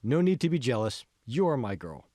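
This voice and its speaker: A man's voice: mid-range voice, very animated, normal speed, warm tone, no echo, studio quality. A man doing an easygoing young boyfriend. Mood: reassuring.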